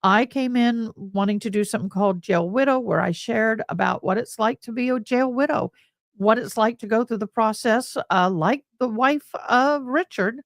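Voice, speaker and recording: A woman's voice: a little high, moderate pace, dry recording, studio quality. Bubbly Texan woman hosting a livestream. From Tennessee, USA. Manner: chatty and bubbly, says y'all. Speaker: livestream host. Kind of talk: casual livestream chat.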